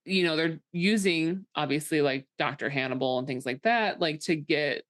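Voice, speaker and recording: A woman co-hosting a podcast, recapping a film in a blunt, animated, casual way with some swearing. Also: deep voice, moderate pace, no echo. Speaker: podcast co-host. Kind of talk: casual chat.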